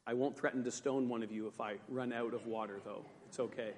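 A man's voice: medium pitch, steady tone, a little fast, a little mellow, in a large hall. A man preaching a sermon as pastor, conversational with joking asides.

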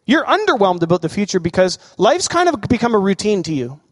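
A man preaching a sermon as a pastor, animated and questioning the congregation. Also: high voice, a little fast, long reverb tail.

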